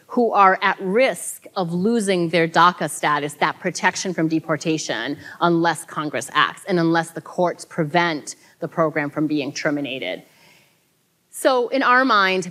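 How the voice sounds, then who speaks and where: A woman's voice: fairly low pitch, pushed and bright. Earnest woman giving a keynote. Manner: earnest, emphatic, with laughing asides. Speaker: keynote speaker. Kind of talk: conference keynote speech. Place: conference hall.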